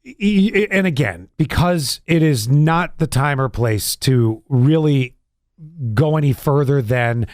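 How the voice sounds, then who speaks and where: A middle-aged man talking candidly on a podcast, voice sitting a touch high and swinging widely in pitch as he tells a story. He rambles and restarts his sentences often, recorded dry and close with no room sound. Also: animated, slow, darkish tone, no echo. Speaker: podcast co-host. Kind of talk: casual chat.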